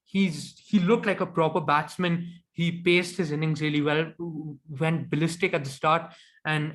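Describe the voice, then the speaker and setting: A man's voice: a little high, a bit bright. A man co-hosting a cricket podcast, giving opinionated, analytical takes in casual chat.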